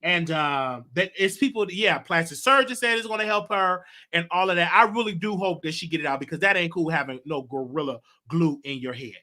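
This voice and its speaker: A man hosting a talk show, giving animated, emotional commentary on celebrity news with drawn-out phrasing and laughter. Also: on the high side.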